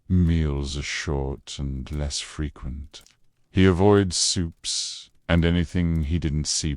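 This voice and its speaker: Super deep guy reading a sleep story, slow and calm, dry close sound. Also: no room sound. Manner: low, calm, unhurried delivery. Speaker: narrator. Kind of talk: scripted bedtime narration.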